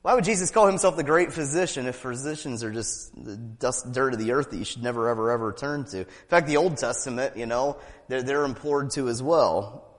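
A man preaching a sermon with fervent emphasis, repeating key phrases, asking rhetorical questions and slipping in quick laughing asides. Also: medium pitch, in a large hall. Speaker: pastor.

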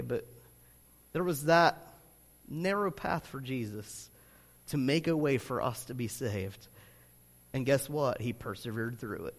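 A man preaching a sermon as pastor, talking in a loose, conversational way with lots of fillers, then pushing into loud, emphatic stretches. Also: medium pitch, animated, a little slow. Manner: conversational preaching full of "you know" fillers, rising to loud emphatic bursts. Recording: long hall reverb.

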